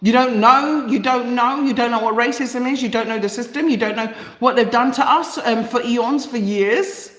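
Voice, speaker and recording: A woman from East London with a London accent hosts a live stream monologue, reading viewer comments and greeting viewers in the chat. She speaks passionately and emphatically, repeating phrases for effect, in a slightly high voice at a moderate pace with hardly any pauses, and the sound is roomy.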